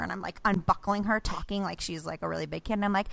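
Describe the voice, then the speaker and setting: Female co-host, 30s, gravelly voice, animated storyteller who swears freely. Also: mid-range voice, fast, few pauses. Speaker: podcast co-host, mother. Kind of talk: casual chat.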